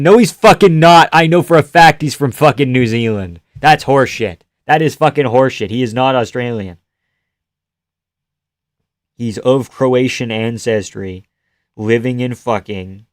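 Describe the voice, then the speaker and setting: A man streaming live fight reactions, chatting casually and swearing as he answers chat, breaking into loud yells at the big moments. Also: mid-range voice, no echo, studio quality.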